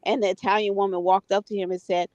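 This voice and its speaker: A woman's voice: mid-range voice, little pitch movement, quick pace, a little mellow, dry recording. A woman from the United States chatting casually, retelling a story and often checking in with "right?" and "you know". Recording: dull, dry lo-fi audio.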